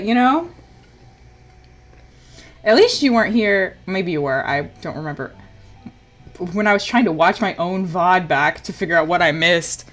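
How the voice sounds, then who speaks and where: Brief: woman game streamer, mid pitch, very animated, exasperated, swears, loud bursts then mutters. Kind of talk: casual live-stream commentary.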